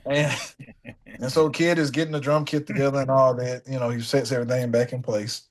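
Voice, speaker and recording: A young man telling a funny studio story in a casual sit-down conversation, animated and dropping into the voices of the people in it. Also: mid-range voice, quick pace. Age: young adult. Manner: animated, slips into voices of the people in his stories. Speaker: guest musician.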